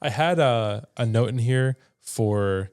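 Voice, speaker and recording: A man's voice: mid-range voice, takes it slowly, darkish tone, clean tone. A young man co-hosting a podcast, chatting casually and rambling with frequent restarts. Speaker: podcast co-host. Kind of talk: casual chat.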